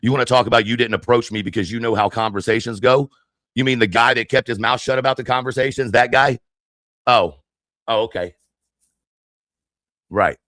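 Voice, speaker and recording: A furious man rants into a close, dry microphone, hurling insults and challenges. His voice sits at an ordinary middle pitch. The delivery is confrontational and profane throughout. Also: moderate pace, long pauses, fairly bright tone, no room sound. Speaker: livestreamer. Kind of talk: angry livestream rant.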